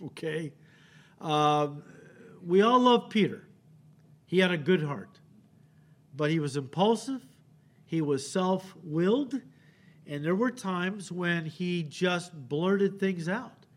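Animated high-voiced male pastor preaching. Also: slow pace, long pauses. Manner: animated, acts out quotes, frequent "okay?" check-ins. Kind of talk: expository sermon. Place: church sanctuary.

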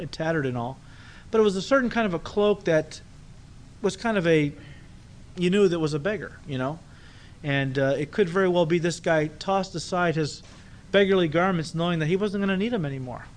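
A male pastor with a fairly high voice preaches in a conversational style, posing rhetorical questions and acting out the people in the story.

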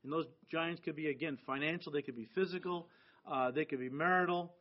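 A man's voice: a little high, fairly quick. A middle-aged American man preaching a sermon to his church in an earnest, conversational way. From United States. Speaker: pastor. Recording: dull lo-fi sound.

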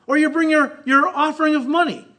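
A man preaching a sermon in an animated way, acting out the voices of the people and God as he speaks. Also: fairly quick. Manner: animated, acts out quoted voices with rising pitch. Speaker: pastor.

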